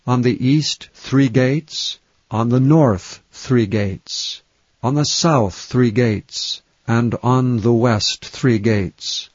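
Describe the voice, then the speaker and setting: A man giving a measured, deliberate scripted reading of scripture, with a dull, slightly lo-fi sound. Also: mid-range voice, no echo. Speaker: reader.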